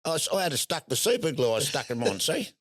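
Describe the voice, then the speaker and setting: A man's voice: on the high side, sing-song, quick pace, fairly bright tone, no room sound, clean studio sound. An older man with an Australian accent, telling a rambling story as a guest in a casual interview. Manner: rambling yarn-spinner, acts out voices, laughs often. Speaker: guest, showman.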